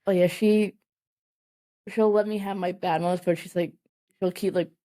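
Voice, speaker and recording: Mellow-voiced woman in her thirties, halting. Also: on the low side, steady tone. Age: 30s. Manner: halting, full of "like" and restarts. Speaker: podcast guest. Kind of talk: candid conversational interview.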